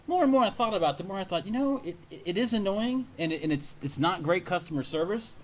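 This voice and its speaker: A man's voice: high voice, animated, quick pace, slight background noise. A man hosting a casual talk show, telling a long story in a rambling, profane way. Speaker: radio show host.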